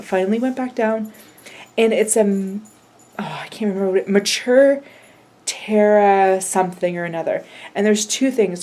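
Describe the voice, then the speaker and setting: A woman's voice: medium pitch, darkish tone. A woman in her thirties giving a casual vlog update, chatty and retelling conversations in quoted back-and-forth. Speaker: vlogger.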